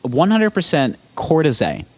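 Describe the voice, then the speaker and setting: Lively podcast dude, lowish voice that bounces around a lot, jokey, keeps correcting himself. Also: male voice, slow, husky, dry recording. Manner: animated, self-correcting, jokey. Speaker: podcast co-host. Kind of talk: casual chat.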